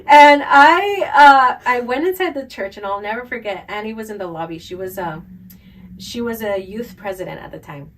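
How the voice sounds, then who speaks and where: A woman co-hosting a podcast, telling a personal story in a casual, animated way with lots of fillers. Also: fairly high pitch, moderate pace, far from the mic, rough recording. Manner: animated storyteller, filler-heavy, laughs often. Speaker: podcast co-host.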